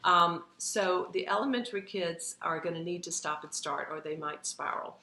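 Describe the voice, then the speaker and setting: A woman's voice: on the low side, moderate pace, sharp tone. A woman talking through parenting advice on a live stream in an earnest, chatty way, with many fillers. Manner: earnest, conversational, lots of fillers. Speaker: parenting educator. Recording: echoey room, faint background noise.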